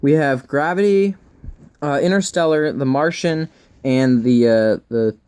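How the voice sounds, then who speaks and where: A man's voice: mid-range voice, measured pace, darkish tone, clean tone. A young man co-hosting a casual movie review chat, upbeat and full of fillers. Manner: chatty, upbeat, filler-heavy.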